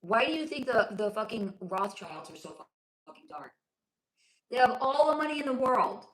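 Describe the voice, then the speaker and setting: A woman hosting a casual livestream from home, reading viewer comments aloud, calling people honey and sweetie and swearing freely, her voice going hoarse. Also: fairly high pitch, lively intonation, normal speed, a bit bright. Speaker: livestream host. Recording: roomy echo.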